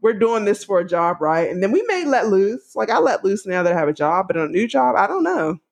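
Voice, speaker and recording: Lively laughing woman podcast host. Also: mid-range voice, a little fast, vocal fry. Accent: Washington DC. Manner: animated, laughs often, acts out quoted voices. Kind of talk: casual chat.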